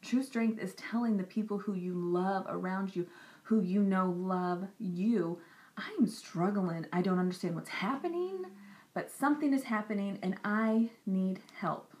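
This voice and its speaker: A young woman talking earnestly and directly to camera in a personal vlog. She repeats herself for emphasis and sometimes drops into soft, whispery asides. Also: medium pitch, unhurried. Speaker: Christian vlogger. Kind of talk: personal encouraging talk to camera.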